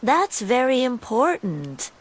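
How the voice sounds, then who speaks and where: A woman's voice: fairly high pitch, sing-song, takes it slowly, voice pushed up, heavily acted. A woman playing a fussy, grave king.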